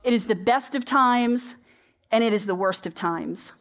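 Woman preacher, fairly high voice, chatty sermon delivery with rhetorical questions. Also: unhurried, a bit bright. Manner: conversational storytelling with rhetorical questions.

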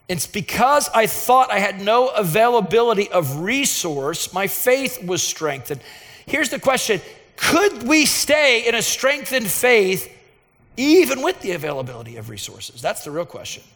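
High-voiced pastor preaching in a reverberant hall. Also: male voice, a bit bright. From Texas, USA. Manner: earnest and emphatic, building to fervent intensity. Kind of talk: sermon with personal storytelling.

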